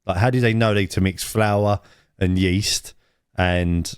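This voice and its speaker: A man's voice: low-pitched, steady tone, unhurried, clean tone, no room sound, clean studio sound. A man co-hosting a casual podcast chat, rambling with many restarts. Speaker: podcast co-host. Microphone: own mic, remote.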